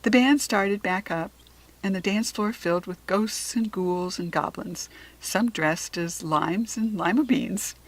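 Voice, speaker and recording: A woman reading a children's storybook aloud, slow, clear and expressive. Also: mid-range voice, low-quality recording. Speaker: storybook reader.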